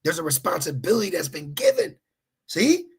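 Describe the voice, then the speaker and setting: Gravelly high-voiced man preaching streetwise. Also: huge pitch swings, normal speed. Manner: casual, profane, emphatic with repeated "okay?"; acts out voices in high pitched asides. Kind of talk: streetwise sermon.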